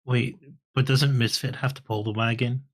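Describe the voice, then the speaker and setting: A man's voice: mid-range voice, level tone, normal speed. A man playing a tabletop game in character, thinking aloud with hesitant restarts.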